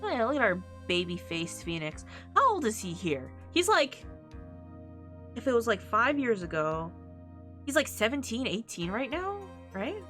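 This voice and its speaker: A woman streamer chats casually over a game, thinking aloud with a lively, bouncing voice. Game music plays faintly behind her. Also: a little high, measured pace. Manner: chatty, thinks aloud, reads every part. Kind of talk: casual game playthrough commentary.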